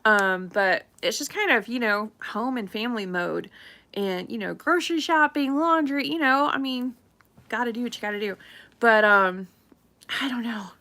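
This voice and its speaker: A woman's voice: a little high, normal speed, pushed and bright. A middle-aged woman, a real estate agent chatting casually on a live stream, rambling and laughing often.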